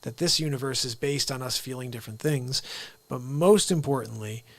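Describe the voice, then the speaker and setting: A man's voice: mid-range voice, normal speed, no room sound. A man hosting a live comedy stream, talking in a rambling, joking way that turns earnest. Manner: rambling, jokey, earnest asides. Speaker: livestream host and impressionist. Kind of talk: unscripted live comedy monologue.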